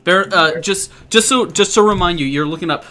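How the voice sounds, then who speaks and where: A man running a tabletop game as game master, describing scenes in a halting way with frequent restarts. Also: high voice, sharp tone.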